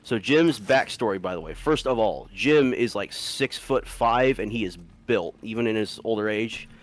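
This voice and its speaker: A man's voice: fairly low pitch, expressive, moderate pace. A man casually telling a long story to friends, rambling, swearing freely and often breaking into laughter.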